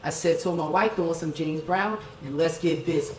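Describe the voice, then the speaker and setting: Energetic high-voiced man leading a keynote. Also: moderate pace, a little hiss or hum. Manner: energetic, leads crowd through dance counts, keeps asking "okay?". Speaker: keynote speaker. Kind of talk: motivational keynote with call-and-response. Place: event hall with tables and chairs. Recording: echoey hall, voice from a distance.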